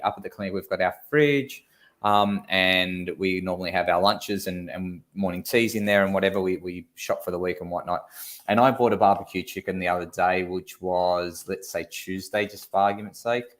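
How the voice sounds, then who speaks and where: An Australian man co-hosting a casual online chat show, telling a story with lively energy and casual swearing. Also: low voice. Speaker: co-host.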